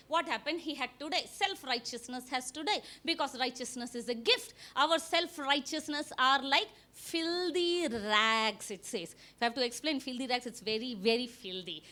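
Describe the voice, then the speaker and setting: High, bright-voiced woman preaching. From India. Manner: animated, asks the congregation questions, acts out quotes. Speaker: pastor. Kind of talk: sermon.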